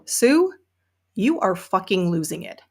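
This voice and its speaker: A woman's voice: medium pitch, big pitch swings, a little slow, breathy edge, full character voice. A woman reading aloud from a novel and voicing a tipsy, defiant middle-aged woman in a Southern US accent, with slightly slurred, blunt speech. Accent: Southern US, put on.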